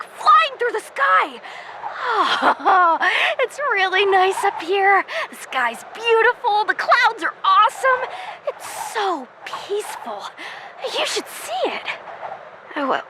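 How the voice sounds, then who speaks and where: A woman's voice: very high voice, background noise, heavily acted. A woman voicing a hot-tempered, lonely teen girl fire master, chatting in a voice-note monologue and answering her own questions. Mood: excited, then sad.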